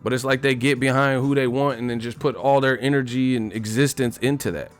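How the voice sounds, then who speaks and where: A man's voice: medium pitch, steady tone, fairly quick, faint music behind. A man giving a blunt, repetitive boxing rant on a live stream, full of profanity and emphatic asides. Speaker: boxing commentator.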